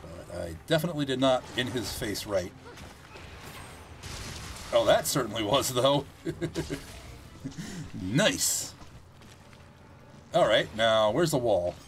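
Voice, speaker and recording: A man giving casual gameplay commentary, chatty and thinking aloud as he plays, with animated reactions. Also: mid-range voice, slow, long pauses, a little hiss or hum.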